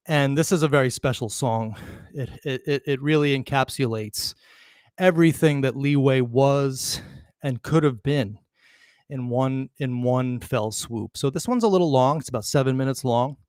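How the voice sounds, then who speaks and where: A man's voice: medium pitch, moderate pace, a little mellow, dry recording. A man hosts a casual spoken tribute, still out of breath as he talks. His delivery is loose and rambling, full of fillers and false starts. The sound is dry and close, with no room around it. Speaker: show host. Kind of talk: informal spoken tribute between songs.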